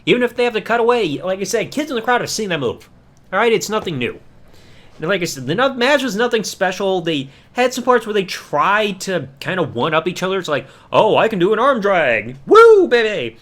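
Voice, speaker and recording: A man hosts a podcast and rants casually through a review. His voice sits a little high and swings widely in pitch. He now and then mocks people with put-on voices. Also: fairly quick. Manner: animated, ranting, mocking voices. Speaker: podcast host.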